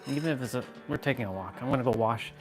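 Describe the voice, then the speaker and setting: A man's voice: mid-range voice, racing, over music. A man chatting casually on a phone live stream, goofy and joking, poking fun at himself. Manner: goofy, joking, self-mocking.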